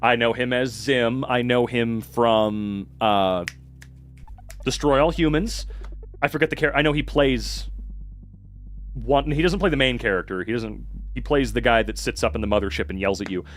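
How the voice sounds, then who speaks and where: An American man in a casual live stream, reading viewers' messages aloud and answering them in animated, swearing chat. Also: mid-range voice, moderate pace. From United States. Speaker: streamer and hobby voice actor.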